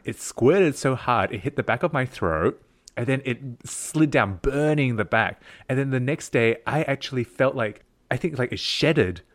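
An accented man co-hosting a podcast, spinning crude comic anecdotes in loose chat. His pitch leaps around with lively energy, landing in a mid register for a man. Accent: non-native English. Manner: rambling, crude storytelling with frequent laughs. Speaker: podcast co-host. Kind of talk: casual comedic chat.

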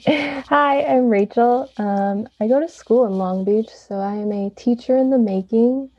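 A woman's voice: a little high, unhurried, dry recording. A young adult woman, a student, introducing herself on a podcast panel with light "um" fillers. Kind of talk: casual self-introduction. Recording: dull, dry lo-fi audio.

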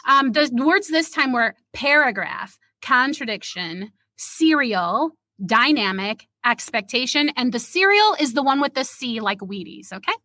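Woman, podcast co-host, reading her own story, animated, bright voice, dry recording. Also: sits high, a little slow, few pauses, no room sound. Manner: animated reader, laughs at herself.

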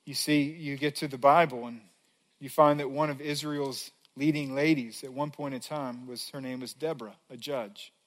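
A man's voice: mid-range voice, steady tone, moderate pace. A man preaching a sermon as a pastor, earnest, reading scripture aloud with building emphasis.

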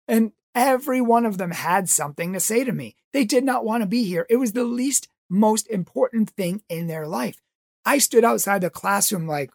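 A man's voice: sits high, lively intonation, moderate pace, gravelly, dry recording, studio quality. A man who teaches religious education tells a story with passionate pleading and acts out voices. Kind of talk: impassioned storytelling talk.

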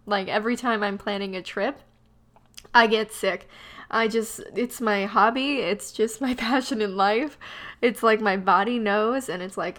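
A woman's voice: medium pitch, a little slow, fairly bright tone. A young woman hosting a podcast, chatting casually and joking at her own expense, her voice nasal and stuffed up from a cold. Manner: chatty and self-deprecating, laughs often. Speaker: podcast host. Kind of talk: casual solo podcast chat.

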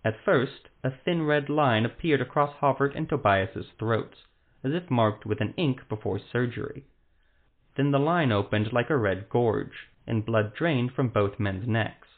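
A man narrating a fantasy story in a measured, dramatic reading. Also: mid-range voice. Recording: tinny phone-like lo-fi sound.

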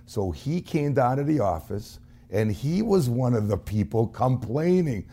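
A man's voice: mid-range voice, expressive, normal speed, mellow, slightly rough. A man telling a folksy anecdote as a sales trainer, acting out the voices of the people in his story. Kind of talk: storytelling motivational talk.

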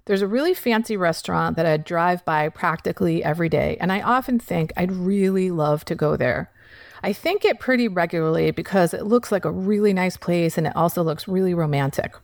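A woman telling a personal recovery story in a candid monologue, swearing casually and shifting between quick recounting and slow emphasis. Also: fairly low pitch, vocal fry, dry recording, clean studio sound.

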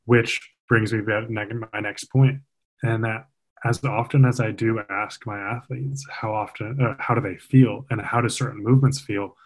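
A man's voice: fairly low pitch, rough recording. A man who coaches athletes, explaining movement in an earnest, emphatic conversational way. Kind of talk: casual podcast conversation.

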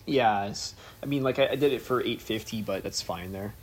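A man co-hosting a podcast in casual chat, laid-back and quick to laugh. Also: fairly low pitch, husky. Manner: laid-back, laughs easily, says "yeah" a lot. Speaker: podcast co-host.

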